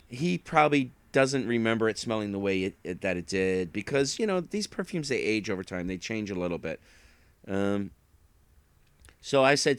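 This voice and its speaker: A man's voice: lowish voice, lively intonation, normal speed, fairly bright tone, clean tone, dry recording. A man chatting casually as an online reseller, rambling through stories and acting out what people said. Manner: rambling storyteller who acts out quotes. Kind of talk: casual chat.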